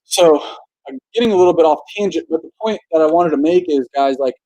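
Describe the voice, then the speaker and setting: A man's voice: a little high, fast talker, mellow, dry recording, poor audio. A young adult man from the United States telling a personal story in a casual, earnest way, with frequent restarts and "like". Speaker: motivational speaker.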